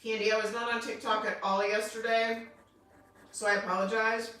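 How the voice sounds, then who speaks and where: A woman co-hosting a livestream, reading viewer comments aloud quickly and excitedly. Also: a little high, recorded from a distance. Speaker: livestream co-host reading chat. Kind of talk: casual livestream chat. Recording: roomy, from off mic, faint noise.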